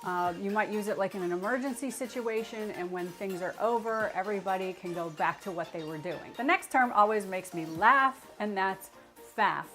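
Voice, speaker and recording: An American woman talks to camera as a travel vlog host, in a chatty explainer style. She is playful and quick to poke fun at herself. Her voice sits mid-range, and soft music plays faintly underneath. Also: mid-range voice. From United States. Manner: chatty, playful, self-deprecating. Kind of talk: scripted explainer talk to camera.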